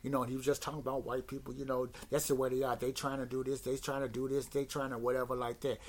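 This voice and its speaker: A man with a husky, mid-pitched voice talks through a casual rant on his own podcast. He rambles and repeats words, sounding exasperated as he goes. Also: flat delivery, quick pace. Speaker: podcast host.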